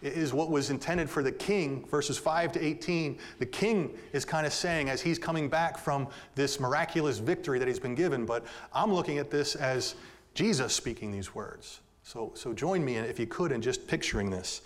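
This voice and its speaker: Male pastor mid-sermon, direct with his flock, quiet reflection building to ringing emphasis. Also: medium pitch, normal speed. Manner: rises to loud emphatic peaks, drops to soft intimate tones; addresses listeners directly as "folks".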